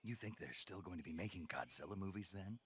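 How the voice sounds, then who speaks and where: An actor playing a gruff male soldier in game cutscene dialogue, with dry deadpan humor. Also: low-pitched, quick pace, exaggerated voice.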